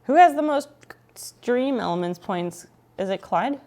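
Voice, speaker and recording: A woman's voice: a little high, expressive, a little slow, a little mellow. Woman streamer, casual playful chat with viewers, teasing tone. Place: home.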